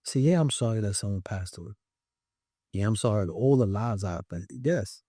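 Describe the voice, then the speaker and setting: A man's voice: fairly low pitch, normal speed, dry recording, studio quality. A young man with a New York accent, telling his story as a podcast guest and acting out the voices of others. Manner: animated, acts out quoted voices. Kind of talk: casual storytelling.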